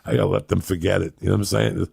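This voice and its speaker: A man's voice: sits low, fairly even intonation, very fast, vocal fry, a little mellow, breathy edge, no room sound, clean studio sound. A man in his fifties telling rambling, profane stories in a casual podcast chat. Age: 50s. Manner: rambling, profane, laughing storyteller. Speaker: podcast host.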